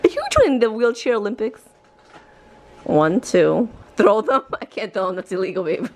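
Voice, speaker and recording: A woman's voice: mid-range voice, big pitch swings, moderate pace, a little mellow. A young woman from New York filming a casual family vlog, teasing and laughing often as she talks to her kids and friends. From Queens, New York. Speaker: vlogger, mother.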